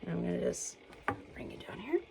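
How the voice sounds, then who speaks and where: Very animated and a touch fast, a woman with a lowish, creaky voice gives a casual home cooking demo. She chats, narrates her actions, calls viewers "guys," and sounds a little out of breath over the noisy kitchen recording.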